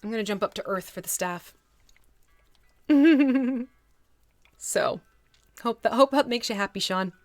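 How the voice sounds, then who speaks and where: A woman's voice: on the high side, unhurried, long pauses, dry recording. A woman from the United States chatting casually with her live-stream audience while painting a miniature. She talks to the chat as she works and laughs often. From United States (Texas, then New Jersey).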